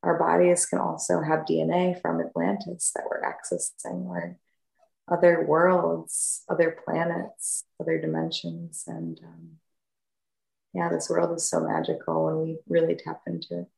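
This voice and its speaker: A woman guest in a group discussion, musing in an unhurried, dreamy way. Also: low voice, completely flat delivery, creaky, darkish tone, roomy sound, rough recording. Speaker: podcast guest.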